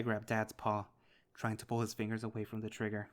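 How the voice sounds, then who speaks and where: A man's voice: on the low side, monotone, brisk. A man narrating a visual novel in first person, in an emotional, intimate reading.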